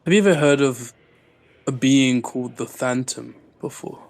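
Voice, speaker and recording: Man calmly questioning in character. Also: mid-range voice, moderate pace, vocal fry. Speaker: player. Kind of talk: in-character tabletop play.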